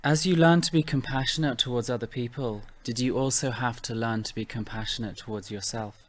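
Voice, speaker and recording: A man interviewing a guest, soft-spoken, asking gentle questions and giving brief encouraging replies. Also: mid-range voice, a little fast.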